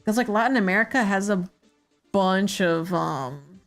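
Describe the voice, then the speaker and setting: A woman's voice: mid-range voice, expressive, measured pace, soft background music. A woman streamer chatting casually while she draws, rambling with many fillers and hesitations. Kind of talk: casual chat while drawing.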